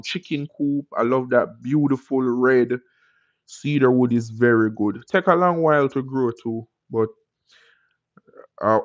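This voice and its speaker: A man's voice: mid-range voice, no room sound. Man, Jamaican accent, live-stream host, casual viewer chat, rambling encouraging advice, muffled lo-fi audio. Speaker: livestream host.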